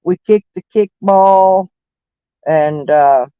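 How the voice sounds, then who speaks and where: A middle-aged streamer talks casually to his viewers in a high, light, mellow and smooth voice, going slowly as he rambles from one topic to another. He breaks into laughter often and uses plenty of fillers, and the muffled recording is dry and close with no room echo.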